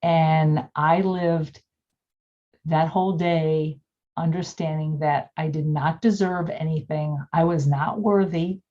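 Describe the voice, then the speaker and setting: An older woman reflectively telling a personal childhood story over a video call, pausing with many fillers. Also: deep voice, steady tone, muffled recording. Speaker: workshop participant.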